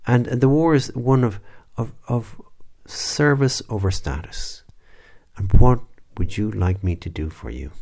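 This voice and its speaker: In a lowish voice, a priest guides listeners through a prayer meditation at an unhurried, thoughtful pace, with gentle asides and a few restarts.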